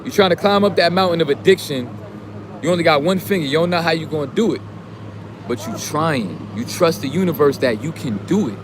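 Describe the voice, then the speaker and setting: A man delivers a casual motivational rant thick with street slang and swearing, swinging from calm preaching to loud, heated outbursts. His voice sits on the high side for a man. Traffic and street noise come through clearly behind him. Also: fairly quick. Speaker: streamer giving motivational talk.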